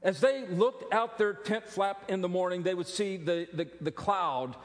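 A middle-aged male pastor preaching a sermon, animated and joking, with frequent restarts. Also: high-pitched, measured pace. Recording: long reverb of a large hall.

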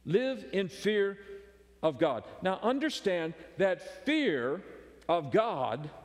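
A man delivers a sermon with a high, ringing voice, pressing his points with emphatic urgency and then dropping to a hushed intensity. The sound carries a long reverb, as if filling a large hall. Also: very animated, slow pace. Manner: emphatic preaching, swinging between loud urgency and hushed intensity. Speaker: pastor.

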